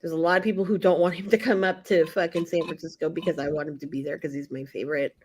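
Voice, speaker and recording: A woman co-hosting a chat show, speaking with emphasis and swearing freely as she talks. Her voice sits a little low for a woman. She sounds enthusiastic about what she is saying. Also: fairly even intonation, fast talker, darkish tone, a little hiss or hum. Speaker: podcast co-host. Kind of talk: casual chat.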